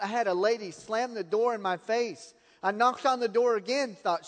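A man's voice: sits high, moderate pace, in a large hall. A man preaching a sermon, telling personal stories and laughing at his own anecdotes.

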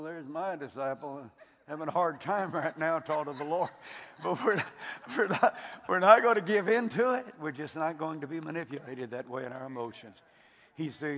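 A man's voice: medium pitch, fairly bright tone. An older man from Texas with a Texan accent, preaching a fervent sermon and often repeating his words. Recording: long hall reverb.

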